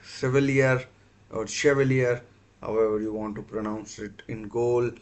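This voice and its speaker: Halting man hosting a football stream. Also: fairly low pitch, flat delivery, mellow. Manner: halting, many fillers and self-corrections. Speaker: football watchalong host. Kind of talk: casual live-stream commentary.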